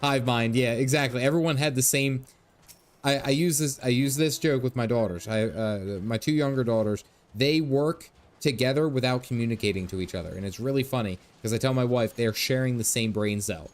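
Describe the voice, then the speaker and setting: A man's voice: medium pitch, brisk. A man in his thirties streaming a game, chatting casually with lots of laughs, dad jokes and game lines read aloud. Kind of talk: casual gameplay commentary.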